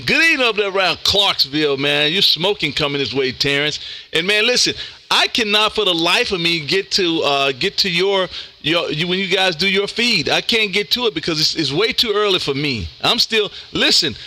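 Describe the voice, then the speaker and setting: Ham radio host, man, high and very bright voice, upbeat and chatty. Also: animated, normal speed. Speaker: ham radio operator and live-stream host. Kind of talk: casual on-air radio chat.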